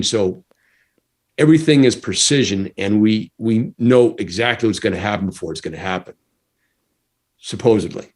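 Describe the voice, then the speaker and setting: A middle-aged American man, a former stuntman, telling a story casually, laughing often and acting out quotes. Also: on the low side. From United States.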